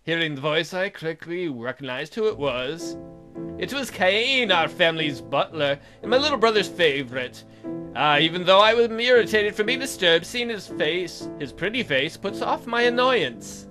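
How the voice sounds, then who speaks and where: A woman's voice: sits low, animated, moderate pace, over music. A woman hosting a game playthrough, reading the story aloud with playful, joking asides. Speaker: let's play host. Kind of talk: reading a visual novel aloud.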